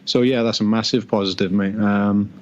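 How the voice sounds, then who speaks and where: A young man from the United Kingdom co-hosting a casual podcast chat over a video call, relaxed and reflective, with a lot of "like" and "you know". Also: fairly low pitch, moderate pace. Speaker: podcast co-host. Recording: dull lo-fi video-call audio.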